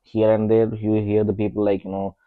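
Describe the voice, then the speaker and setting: A young man with an Indian accent talks casually on a couples podcast, his low voice full of pauses and fillers. The sound is dry and a little dull, recorded close with no room around it. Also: monotone, smooth, no echo. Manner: hesitant, many fillers, self-deprecating. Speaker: podcast co-host. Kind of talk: casual conversation.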